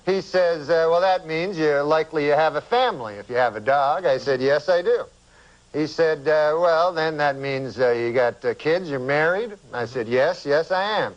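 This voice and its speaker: A man, a comedian guest, telling a long rambling anecdote in a deadpan, halting way with many uhs. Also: a little high, highs cut off.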